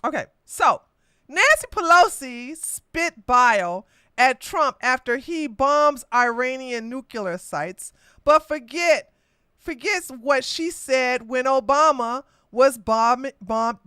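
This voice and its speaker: High, bright-voiced combative woman host. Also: lively intonation, slow pace, smooth, no room sound. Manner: combative, mocking, laughs often. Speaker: podcast host. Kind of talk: livestreamed political commentary.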